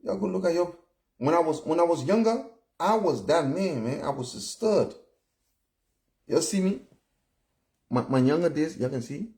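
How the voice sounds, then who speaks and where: Man, fifties, Liberian English accent, somewhat high voice, blunt and chatty, casual vlog commentary. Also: lively intonation, moderate pace, gravelly, long pauses, darkish tone. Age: 50s. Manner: blunt, chatty, keeps asking "all right?" and "you know?". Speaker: vlogger.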